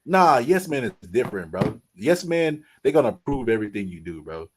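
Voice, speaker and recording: A man's voice: mid-range voice, normal speed, background noise. A man hosting a casual podcast chat, telling stories in loose slang and tacking "bro" onto nearly every sentence. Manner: loose slangy talk, says "bro" constantly; lively storyteller, acts out quotes. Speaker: podcast host.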